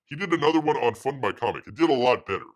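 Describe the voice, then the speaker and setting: A man's voice: medium pitch, expressive, rapid-fire. A man hosting a casual livestream, rambling with many fillers and calling himself by his nickname. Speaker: livestream host.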